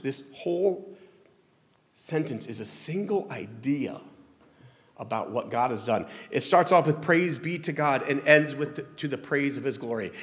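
A male pastor with a Southern American accent giving a conversational, self-deprecating sermon in a church sanctuary. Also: medium pitch. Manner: conversational, self-deprecating preaching with frequent restarts. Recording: long hall reverb.

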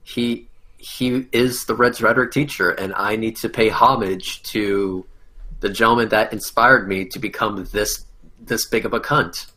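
A man's voice: lowish voice, steady tone, measured pace, sharp tone. A man on a casual panel chat, giving a mock-solemn, crude tribute.

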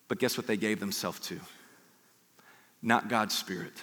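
A man preaching a sermon as pastor, emphatic, acting out quoted voices with sudden loud rises. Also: fairly low pitch, measured pace, in a large hall.

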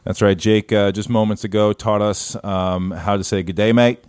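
A man's voice: on the low side, flat delivery, moderate pace, darkish tone, smooth, no echo, studio quality. A man co-hosting a casual podcast, rambling with lots of fillers and restarts, recorded over an internet call. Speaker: podcast co-host. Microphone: remote call over internet.

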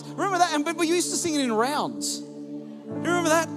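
Man, pastor, sermon, high voice, wide swoops in pitch. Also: brisk, over loud music. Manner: animated preaching that leads the congregation. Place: church hall with a congregation.

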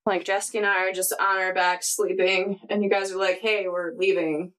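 A woman playing a tabletop role-playing game, chatting casually and reacting quickly to the others. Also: mid-range voice, flat delivery, a bit bright, rough recording. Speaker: player.

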